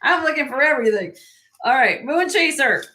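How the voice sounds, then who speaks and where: Woman, live sale host, slightly hoarse, higher voice, crisp bright tone, laughs a lot. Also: lively intonation, brisk. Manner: chatty, laughs often. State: losing her voice. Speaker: host and jewelry seller. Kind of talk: casual live-stream sale chat.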